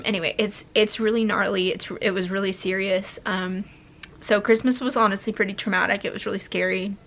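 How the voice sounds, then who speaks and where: A woman's voice: medium pitch, a bit bright. A young woman vlogging a candid life update as a mom, talking in a rambling way full of fillers and restarts, emotional and close to tears at times.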